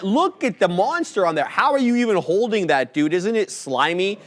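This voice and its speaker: A young man co-hosting a live stream, laid-back and joking, giving enthusiastic shout-outs. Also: high-pitched, lively intonation, moderate pace, few pauses. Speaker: co-host.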